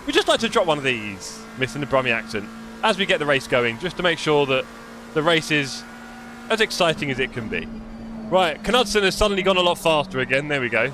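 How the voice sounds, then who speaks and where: A man's voice: fairly high pitch, very animated, brisk, background noise. A man, live-streaming a sim race with chatty, jokey commentary and muttering while he adjusts his car setup.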